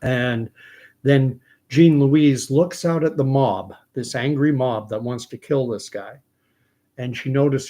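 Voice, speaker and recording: A man's voice: mid-range voice, a little mellow. A man from Canada, host of his own commentary show, retelling a film scene in a reflective way.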